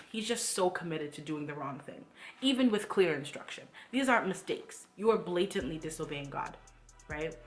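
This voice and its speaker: A woman's voice: fairly low pitch, slight background noise. A woman leading a Bible read-along, reading aloud and adding emphatic commentary full of rhetorical questions. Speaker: Bible study vlogger.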